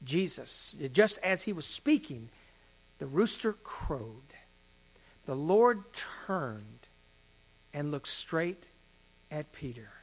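A male pastor preaching a sermon, shifting between hushed emphasis and louder passages. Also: fairly high pitch, big pitch swings, slow, long pauses.

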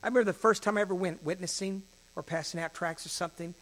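A male pastor preaching a sermon, shifting between hushed emphasis and louder passages. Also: high voice, fast talker.

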